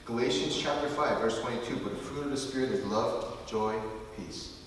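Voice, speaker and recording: A man preaches in a big hall, his voice ringing with long reverb and heard from a distance. He reads scripture slowly, then talks it over with his listeners in a conversational way. A faint hiss sits under the recording. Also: mid-range voice, a bit bright. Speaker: pastor. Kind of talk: sermon.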